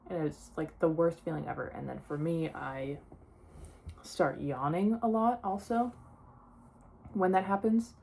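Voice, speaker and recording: A woman's voice: lowish voice, unhurried, vocal fry, warm tone, slight background noise. A young woman talking casually in a personal vlog, sharing her experience with many "like" fillers. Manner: chatty, lots of "like" fillers. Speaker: vlogger.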